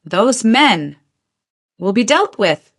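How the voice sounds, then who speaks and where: A woman voicing a cold, commanding male crime boss who speaks in short, flat, clipped lines with a Korean accent. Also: fairly high pitch, slow pace, pitched above the performer's own voice, exaggerated voice.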